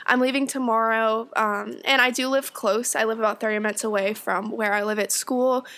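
A woman's voice: fairly high pitch, fairly even intonation, normal speed, a bit bright. A young woman co-hosting a podcast in casual chat, bubbly and teasing, often laughing. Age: young adult. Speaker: podcast co-host.

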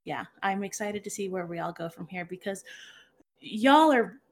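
A woman's voice: mid-range voice, lively intonation, moderate pace, vocal fry. A woman in a casual group chat, speaking in a sincere, folksy way.

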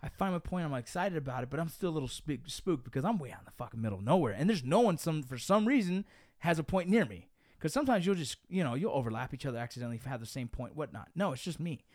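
Fast-talking profane young man. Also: on the high side, no room sound, clean studio sound. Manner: profane, animated, says dude and bro. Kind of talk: casual storytelling chat.

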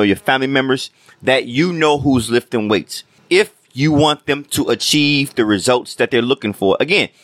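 A man's voice: lowish voice, fairly bright tone, dry recording, clean studio sound. A man hosting a fitness podcast, coaching listeners in an earnest, repetitive motivational monologue. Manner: earnest, coaching, repeats himself for emphasis.

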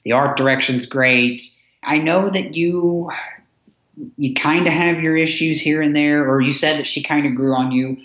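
A man's voice: on the high side, steady tone, moderate pace, fairly bright tone. A man, a podcast guest, chatting enthusiastically about old films, rambling with restarts. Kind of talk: casual chat. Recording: roomy, dull lo-fi sound.

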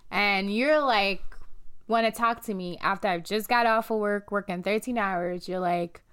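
Woman, couples podcast co-host, smooth voice, chatty and earnest. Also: mid-range voice, normal speed, a bit bright. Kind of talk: casual chat.

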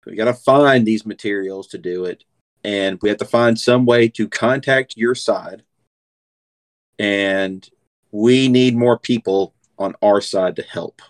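A man's voice: fairly low pitch, a little slow. A man acting as game master, laying out the plan in a tabletop game while thinking aloud.

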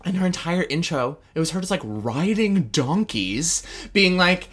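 A man's voice: fairly high pitch, sing-song, unhurried, a bit bright. A man co-hosting a casual pop-culture podcast, catty and theatrical, swearing a lot and mimicking the people he talks about. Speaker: podcast co-host.

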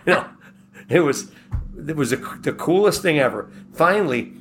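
A man from Buffalo telling a long personal anecdote in a relaxed, rambling way, acting out the quoted dialogue as he goes. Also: fairly high pitch, normal speed, a little hiss or hum. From Buffalo, New York. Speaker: guest telling a personal story.

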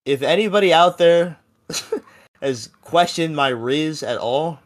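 A man's voice: a little high, animated, slow. A seventeen-year-old young man telling a story in a casual podcast chat, rambling and full of fillers. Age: teens. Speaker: podcast co-host.

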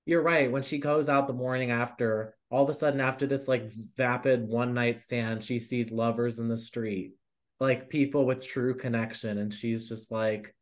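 Young male co-host, rambling, animated, filler-heavy chat. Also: mid-range voice, moderate pace. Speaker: podcast co-host. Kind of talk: casual chat.

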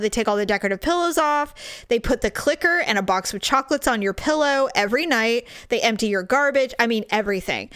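A woman's voice: a little high, no room sound. A woman telling a funny story in casual chat, laughing and acting out the people in it. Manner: animated, laughing, acts out voices in her story.

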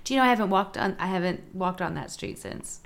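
A middle-aged woman, a comedian, chatting casually on a podcast, telling animated stories and acting out the voices of the people in them. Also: mid-range voice, fast talker, creaky. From Delaware. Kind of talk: casual chat.

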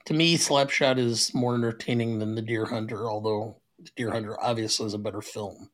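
A man's voice: fairly low pitch, steady tone, a little fast. Older man reading a plain list. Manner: plain, reads memorial list steadily. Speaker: podcast co-host. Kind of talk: casual movie podcast chat.

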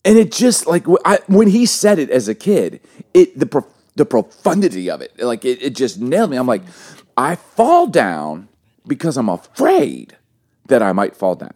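A man in his forties co-hosting a casual talk, an animated storyteller who repeats phrases for emphasis. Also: mid-range voice, moderate pace. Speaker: podcast co-host. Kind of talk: casual chat with teaching.

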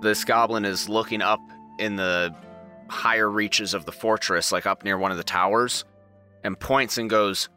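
A man's voice: lowish voice, steady tone, moderate pace, pushed and bright, soft background music. A man narrating a tabletop game as game master, describing scenes and voicing the goblins.

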